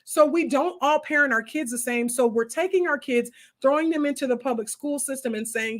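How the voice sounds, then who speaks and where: A woman's voice: high-pitched, fairly quick, few pauses. A woman, hosting a casual homeschooling chat and talking straight to her viewers with lots of asides. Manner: animated, talks straight to viewers with many asides. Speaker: homeschooling host answering viewer comments.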